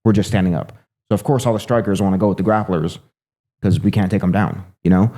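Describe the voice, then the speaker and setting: A man with a low, dark-toned voice tells a story at a rapid clip. His talk is loose and profane, full of fillers like "you know" and "right". It sounds like an unscripted sit-down chat. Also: fairly even intonation. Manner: fast, rambling, heavy swearing, filler "you know". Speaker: guest, MMA fighter.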